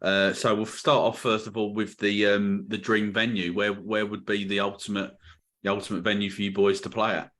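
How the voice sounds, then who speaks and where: Podcast host guy, lowish voice, keeps restarting his questions, lots of ums. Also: flat delivery, fairly bright tone. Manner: halting, many restarts and fillers. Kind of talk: casual interview.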